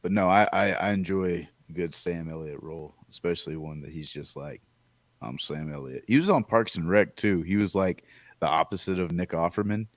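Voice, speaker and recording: A man co-hosting a movie podcast, chatting casually in a relaxed, easygoing way. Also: low voice, a little fast, dry recording. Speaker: podcast co-host. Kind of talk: casual chat.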